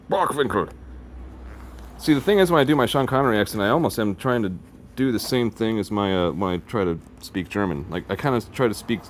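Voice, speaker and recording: A man hosting a casual video, reading aloud from a magazine with jokey asides and quick self-corrections. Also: medium pitch, a little hiss or hum. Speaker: video host.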